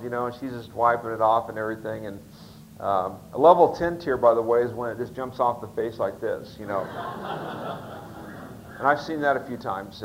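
A man telling a story in a sermon, folksy and rambling, often stopping on fillers and restarting his sentences. His voice sits at a medium pitch. A faint noise runs under the recording. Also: rough recording. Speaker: pastor.

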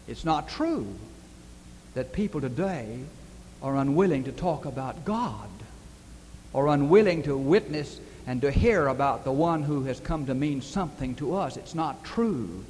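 A man's voice: mid-range voice, animated, moderate pace, a little mellow. A man preaching a sermon, telling stories earnestly and building to emphatic questions. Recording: distant reverberant hall with faint hiss.

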